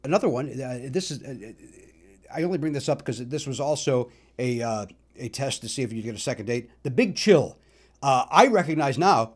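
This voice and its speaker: A middle-aged male comedian hosting his own podcast, telling self-mocking stories about records, with loud bursts and mumbled asides. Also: medium pitch, lively intonation, moderate pace, slightly rough. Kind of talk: comic solo monologue about records.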